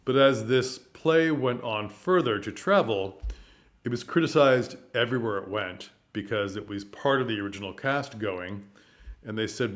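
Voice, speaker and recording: A man giving a casual spoken commentary on theater, animated and full of rhetorical questions, sometimes tripping over his words. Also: on the low side, normal speed.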